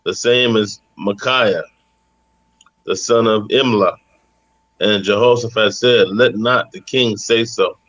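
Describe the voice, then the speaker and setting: Deep guy reading bible verses steady, muffled dry recording. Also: no echo. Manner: steady, measured reading of old-style text. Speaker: scripture reader. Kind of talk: reading scripture aloud.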